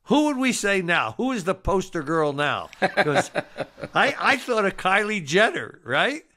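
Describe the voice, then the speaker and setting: A jovial podcast co-host with a bright, forceful tone. He talks slowly and takes his time, laughing often and nudging the conversation onward. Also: high voice, big pitch swings. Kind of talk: casual chat.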